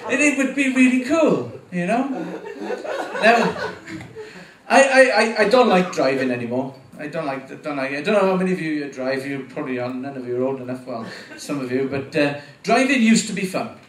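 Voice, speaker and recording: This is a man in his forties trying stand-up for the first time, nervous and rambling, swearing and chuckling at his jokes before a live audience in a small venue. His voice is on the high side, animated and a little fast. Distant miking in an echoey room leaves faint ambience.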